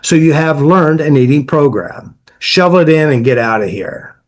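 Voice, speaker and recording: A man's voice: fairly high pitch, lively intonation, moderate pace. A man working as an emotional therapy coach, explaining his ideas through client stories in a direct, repetitive way. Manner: direct, repetitive, lists ideas in short bursts.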